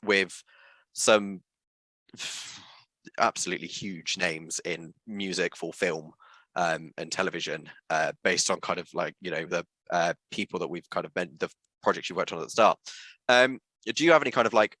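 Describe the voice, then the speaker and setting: A man's voice: low-pitched, normal speed, pushed and bright, no room sound. A man from Britain with a British accent, hosting an interview and asking long, rambling questions full of fillers. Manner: rambling questions full of kind of and you know. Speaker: interview host. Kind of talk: casual interview chat.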